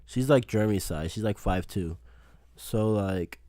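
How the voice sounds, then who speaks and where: A man's voice: lowish voice, a little slow, a crowd in the background. A man co-hosting a podcast, telling a story in casual chat and swearing often. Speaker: podcast co-host.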